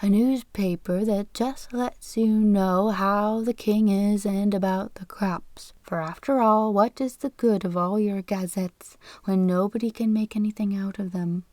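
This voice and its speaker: A woman reading an audiobook, voicing a shrill, argumentative middle-aged male clerk who talks in a squeaky falsetto and rants insistently. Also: fairly even intonation, measured pace, hardly any pauses, a little mellow, dry recording, natural voice. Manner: ranting, insistent.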